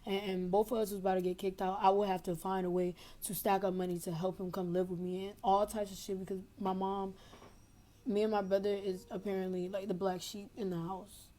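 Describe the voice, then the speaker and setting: A woman's voice: medium pitch, little pitch movement, fairly quick, dark tone. A young adult woman caller telling a long story in casual, rambling talk over a phone connection, filling gaps with "blah, blah".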